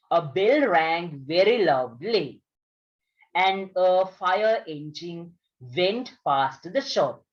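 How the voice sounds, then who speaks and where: Very slow Sri teacher. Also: female voice, on the low side. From Sri Lanka. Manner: slow, careful, repeats words for students. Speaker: English teacher. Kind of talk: reading a story aloud and drilling vocabulary. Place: online video class. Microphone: video call. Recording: dull lo-fi online class audio.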